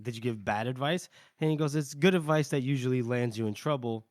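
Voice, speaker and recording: A man's voice: mid-range voice, no echo, studio quality. A man co-hosting a podcast, casually recapping a novel's chapters and slipping into brief character voices with frequent laughs. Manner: retells scenes with quick put-on character lines and laughs. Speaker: podcast co-host. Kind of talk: casual chat recapping a book.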